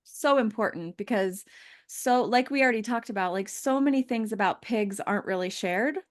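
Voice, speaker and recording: A woman's voice: mid-range voice, moderate pace. A woman pig breeder chatting casually and enthusiastically, often agreeing. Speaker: pig breeder, podcast host. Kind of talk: casual chat.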